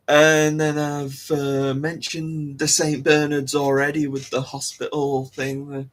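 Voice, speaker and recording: Slow, rambling man with giggles. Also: on the high side. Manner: rambling, giggly, many restarts. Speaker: host. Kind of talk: casual solo talk about dog breeds.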